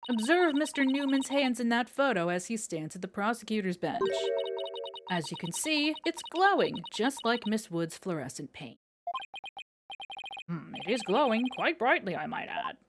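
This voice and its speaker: A woman voicing a calm, confident male defense lawyer who explains evidence step by step. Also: fairly high pitch, normal speed, music in the background. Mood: explaining.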